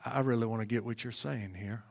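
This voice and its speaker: A middle-aged man preaching a sermon, asking rhetorical questions, swinging from shouted climaxes down to hushed near-whispers. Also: mid-range voice, steady tone, a little fast, vocal fry. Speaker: pastor.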